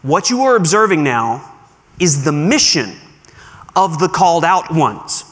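A male pastor preaching a sermon to his congregation, conversational and animated, slowing down to stress key words. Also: a little high. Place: church sanctuary. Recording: long hall reverb.

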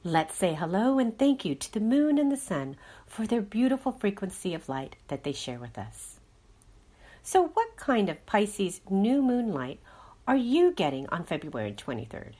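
A woman's voice: mid-range voice, big pitch swings, moderate pace, warm tone. A woman working as a healing guide, leading a guided meditation and an astrology talk in a soothing, instructive way.

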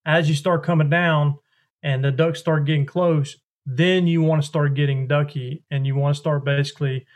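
A man with a drawl talks through technique in a loose, folksy, roundabout way. His voice sits a touch high for a man. It sounds like a relaxed podcast interview. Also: normal speed. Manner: folksy, rambling, hands-on explainer. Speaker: duck call maker, guest.

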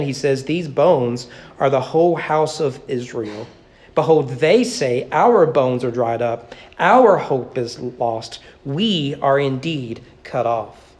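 A male pastor delivers a sermon from a church sanctuary. His voice sits a touch high for a man. He presses his points earnestly, repeating words as he restarts and leaning hard on slow, stressed phrase endings.

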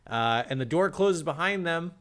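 Man, comedy podcast recap, jokey storytelling, somewhat high voice. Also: moderate pace. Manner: animated, jokey storytelling with many restarts. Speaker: podcast co-host recapping a show.

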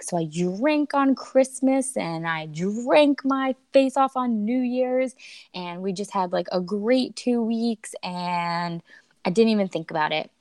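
A woman's voice: mid-range voice, measured pace, darkish tone, dry recording. A young woman, a podcast guest, telling a personal story in a chatty way, often quoting herself.

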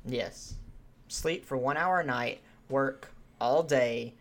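A man's voice: medium pitch, takes it slowly, a bit bright. A man co-hosting an amateur podcast, talking politics in a laid-back, hesitant way with many fillers. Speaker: podcast co-host. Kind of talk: casual political chat.

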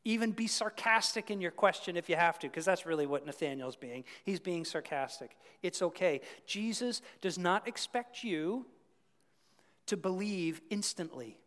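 High-voiced preacher in a reverberant church. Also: male voice, normal speed. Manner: conversational, animated, asides to the congregation. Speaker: pastor. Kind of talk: sermon.

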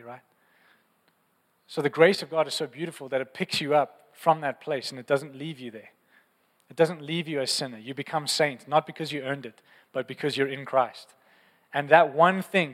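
A man's voice: on the high side, moderate pace, a bit bright, big-room sound. A man preaching a sermon in an earnest, passionate, conversational way, often repeating phrases. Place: church.

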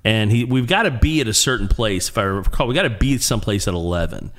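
A man telling a long casual anecdote in an animated way, often restarting and repeating words. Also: on the low side, quick pace.

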